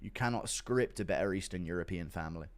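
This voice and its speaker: A man's voice: low voice, quick pace. A young man hosting a casual livestream, swearing, laughing often and mocking viewers as he reads donations. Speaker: livestream host reading donations.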